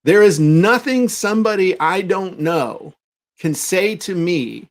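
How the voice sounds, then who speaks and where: A middle-aged man chats on a podcast with a slightly raised pitch. He tells stories with energy and acts out the people he quotes. It is a relaxed, conversational delivery. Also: slow. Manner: animated storyteller acting out quotes. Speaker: podcast co-host. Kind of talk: casual podcast chat.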